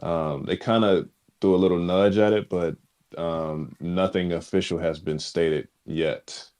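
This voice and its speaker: A man co-hosting a casual chat, answering hesitantly with many pauses. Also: low-pitched, steady tone, a little mellow. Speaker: co-host.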